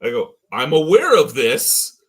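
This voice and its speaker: Husky animated man telling stories loudly. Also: medium pitch, measured pace. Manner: loud, profane, animated storytelling. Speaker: beer review podcast co-host. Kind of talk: casual live-stream chat. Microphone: headphones and mic at home.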